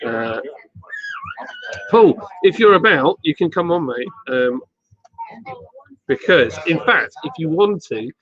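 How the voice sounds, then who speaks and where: A man's voice: on the high side, expressive, fairly bright tone. Chatty man hosting a livestream. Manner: chatty, joking, halting with fillers. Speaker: livestream host. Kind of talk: casual pub chat on a livestream. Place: independent bottle shop bar. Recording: dull lo-fi livestream audio.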